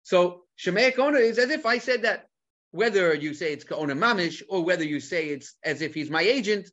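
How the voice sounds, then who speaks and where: A man giving an animated Talmud lecture, mixing Hebrew terms into English and asking rhetorical questions. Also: sits high, fairly quick, muffled recording. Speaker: Torah teacher.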